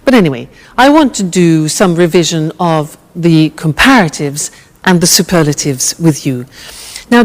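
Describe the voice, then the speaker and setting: A woman teaching English grammar with a slow, clear drill, patient and encouraging. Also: lowish voice, big-room sound.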